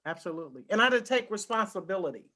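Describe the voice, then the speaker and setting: A woman's voice: medium pitch, sing-song, rapid-fire, bright, forceful tone. A woman giving a personal testimony as a guest speaker, talking emphatically and repeating her key phrases for weight. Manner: emphatic, repetitive storytelling.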